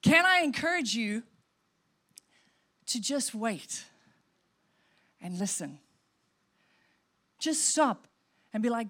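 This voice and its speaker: A woman pastor preaching an expressive sermon, shifting between soft, tender passages and emphatic ones. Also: a little high, takes it slowly, long pauses.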